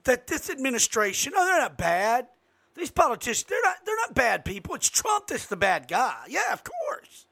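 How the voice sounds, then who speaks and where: Host, male, high bright voice, fired-up political rant with loud jumps. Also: huge pitch swings, moderate pace, gravelly. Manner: emphatic, rising to sudden loud outbursts. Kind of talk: impassioned political monologue.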